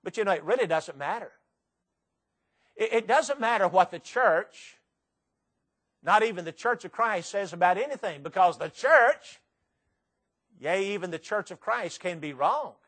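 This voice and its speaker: A man preaching a sermon, reciting poetry dramatically and firing rhetorical questions at the congregation, swinging from loud to soft. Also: sits high, expressive, unhurried, long pauses.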